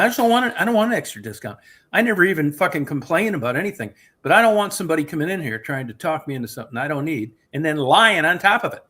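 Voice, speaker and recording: A man's voice: fairly high pitch, sing-song, quick pace, bright, forceful tone, breathy edge. Profane ranting man. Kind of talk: casual chat.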